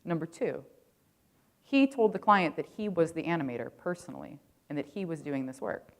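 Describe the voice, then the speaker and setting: A woman with a strikingly deep, low voice speaks from a conference stage. She tells her story in a loose, chatty way, swearing freely and leaning on "like" constantly. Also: animated, moderate pace. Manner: casual, profane, full of "like" fillers. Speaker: keynote speaker.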